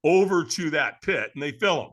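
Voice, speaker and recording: A man guesting on a podcast, telling a personal story in a lively, dramatic way and laughing as he goes, with a casual manner. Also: on the high side, moderate pace. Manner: casual, addresses the host as man and brother.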